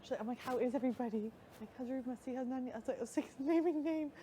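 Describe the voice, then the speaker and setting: A woman chatting casually, animated as she tells stories and acts out what others said, with frequent "like". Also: high voice, very fast. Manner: animated storytelling, quotes others, says "like" often. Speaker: reality show houseguest. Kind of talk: casual chat. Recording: live feed with audible background noise.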